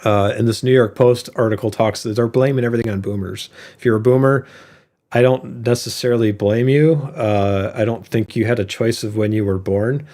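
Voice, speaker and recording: A man's voice: medium pitch, fairly even intonation, normal speed, dark tone. A man in his forties co-hosting a casual chat, talking through charts with plenty of fillers. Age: 40s. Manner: conversational, reads and comments on charts with fillers. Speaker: co-host.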